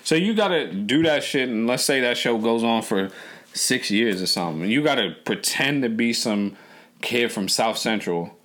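A man's voice: medium pitch, lively intonation, normal speed, fairly bright tone. A man co-hosting a casual podcast chat, rambling and profane, full of fillers and restarts. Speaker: podcast co-host.

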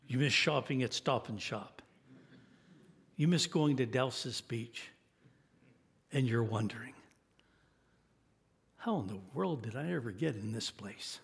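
A man's voice: medium pitch, measured pace, gravelly, pauses often. Eighty-year-old man preaching earnestly. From United States. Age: 80s. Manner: earnest, rising to emphatic exhortation. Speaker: guest preacher. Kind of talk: sermon.

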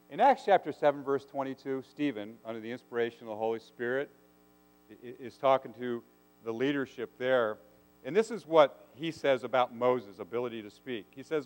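Earnest preacher in an echoing hall. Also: male voice, medium pitch, lively intonation, normal speed. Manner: earnest, asks the congregation rhetorical questions. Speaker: pastor. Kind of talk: sermon. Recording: long hall reverb.

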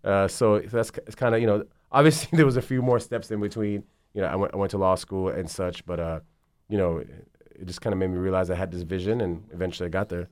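Low smooth guy in his 30s, agent, rambly swear-y story chat, dry sound. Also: fast talker, dry recording. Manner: rambling, profane, animated storytelling. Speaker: basketball agent guest. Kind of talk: casual interview chat.

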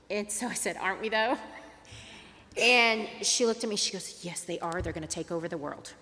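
A woman's voice: medium pitch, moderate pace, long reverb tail. A middle-aged woman from Tulsa telling a personal story as an interfaith advocate, acting out the dialogue as she goes. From Tulsa, Oklahoma. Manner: animated storyteller, acts out dialogue.

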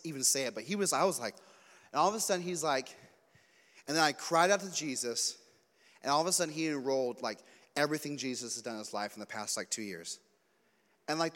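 Animated male youth preacher in a reverberant hall. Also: fairly high pitch. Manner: animated storytelling, acts out quotes, jokey asides. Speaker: youth pastor. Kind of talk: youth sermon with stories.

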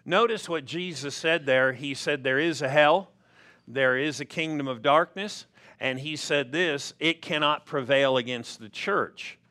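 A man preaching a sermon as pastor, slow and emphatic, with stressed words rising. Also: a little high, bright, forceful tone. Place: church sanctuary.

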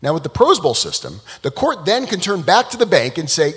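Animated man speaking in a reverberant hall. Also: a little high, brisk, slightly rough. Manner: animated, dramatic storyteller. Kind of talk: public talk with storytelling.

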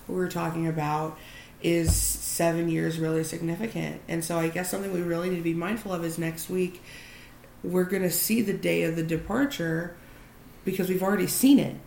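A female podcast co-host recapping animatedly in casual chat, with some easy swearing. Her low voice carries a gravelly fry. The room is echoey, with faint background noise. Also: steady tone, a little fast, darkish tone.

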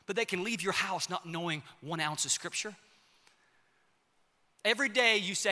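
A young man preaching a sermon with passion, swinging between shouts and hushed, quiet lines. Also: sits high, expressive, normal speed. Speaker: pastor. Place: church auditorium. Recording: long reverb of a large hall.

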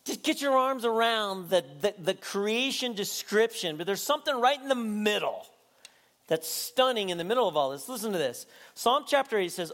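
A male pastor preaching a sermon, animated and laughing often, rising to near-shouting at peaks. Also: high-pitched, normal speed.

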